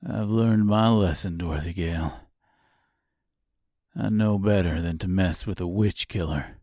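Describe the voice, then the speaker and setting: A man's voice: low-pitched, a little slow, warm tone, no room sound, studio quality, pitched below the performer's own voice. A man voicing a sly, bitter male tin man who mocks, swears and laughs to himself, in an audiobook reading. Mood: wheedling. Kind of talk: audiobook character voice.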